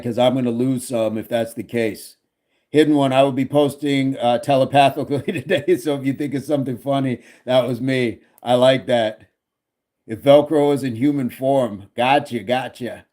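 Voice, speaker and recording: A man hosts a casual fitness livestream, reading viewer comments aloud. He jokes and laughs easily. His voice is dark and mellow, sitting at an ordinary middle pitch. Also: fairly even intonation, normal speed. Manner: jokey, laughs often, reads chat comments aloud.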